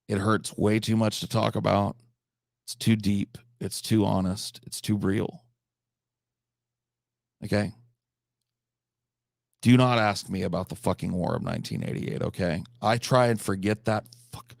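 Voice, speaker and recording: A man's voice: on the low side, steady tone, a little slow, vocal fry, pauses often, dry recording, clean studio sound. A man streaming a game live, talking to his chat in a profane, mock-serious, theatrical way. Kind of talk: casual live-stream chat while gaming.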